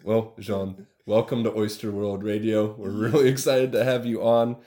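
A man's voice: lowish voice, level tone, moderate pace, warm tone. A male podcast host who reads a scripted intro, then chats casually and laughs along readily.

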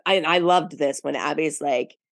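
A woman with a fairly low voice co-hosts a casual podcast, retelling the episode and acting out what people said. The sound is dry and close. She speaks in a chatty, animated storytelling way. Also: moderate pace, vocal fry, no room sound. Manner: animated storytelling, acts out quotes. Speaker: podcast co-host. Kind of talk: casual podcast recap chat.

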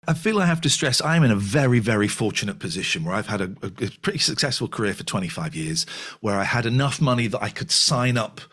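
A man's voice: on the low side, expressive, fast talker, a bit bright, husky. A man of about fifty, a podcast guest talking candidly and animatedly, with frequent restarts and repeated phrases. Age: 50s. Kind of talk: candid conversational reflection.

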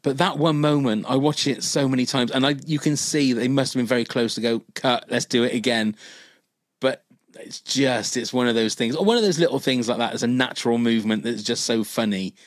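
A man's voice: medium pitch, brisk, no echo. A man, chatting casually as podcast host and rambling through a comedy story. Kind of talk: casual chat.

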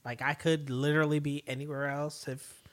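Co-host: medium pitch, dry close sound, casual reactions. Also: level tone, fairly quick, dry recording. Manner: short reactions and quips. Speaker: podcast co-host. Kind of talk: casual chat.

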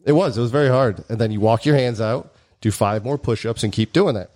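Casual man telling army stories. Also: fairly quick. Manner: animated, acts out quoted voices with big pitch jumps. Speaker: former army bomb tech. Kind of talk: casual storytelling chat.

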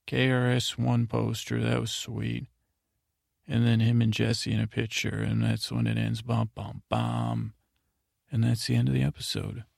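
A man hosts a sleep podcast in a deeply gravelly, fry-laden voice. He recaps in a flat, monotone drift with lots of fillers and restarts. The sound is close and dry. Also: normal speed, dry recording. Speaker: podcast host.

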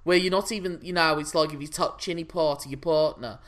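An English man co-hosts a casual wrestling chat show podcast, opinionated and teasing as he rambles through his points. His voice is fairly high, fairly quick and fairly bright.

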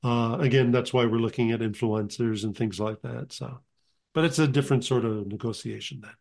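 Matter-of-fact man, middle pitch. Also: fairly even intonation, fairly quick, vocal fry, a little mellow. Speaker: production company head, guest. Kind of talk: casual interview chat.

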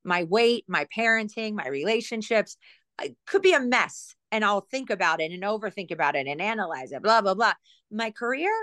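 A woman's voice: medium pitch, expressive, moderate pace, fairly bright tone, no room sound. A middle-aged woman, a former TV producer, telling rambling, self-mocking stories as a guest in a casual interview. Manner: chatty, rambling, self-mocking, lots of asides and fillers. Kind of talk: casual storytelling in a podcast interview.

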